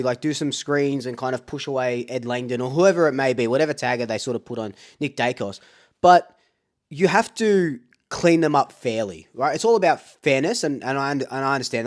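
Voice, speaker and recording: An Australian man hosting a fan talkback show, ranting in a fired-up way and often repeating himself. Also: mid-range voice. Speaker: fan talkback radio host.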